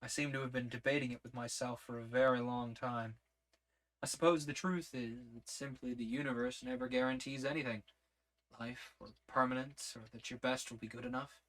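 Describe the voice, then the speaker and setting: A man with a mid-pitched voice reads a first-person story aloud. His delivery is measured and steady, letting each scene unfold one clause at a time. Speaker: audiobook narrator.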